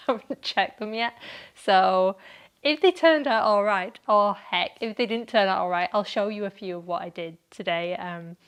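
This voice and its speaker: A woman talks through her solo podcast in a loose, chatty way, often breaking into little laughs. Her voice sits at an ordinary middle pitch for a woman. She sounds relaxed and self-deprecating, speaking from home. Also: clean tone. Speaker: podcast host. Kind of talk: casual solo podcast chat.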